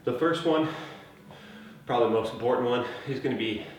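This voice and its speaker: A man's voice: mid-range voice, a little fast. Breathless man in an echoey room. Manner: relaxed, chatty, huffing between phrases. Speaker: fitness trainer. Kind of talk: casual workout instruction. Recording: very echoey room, mic at a distance, faint noise.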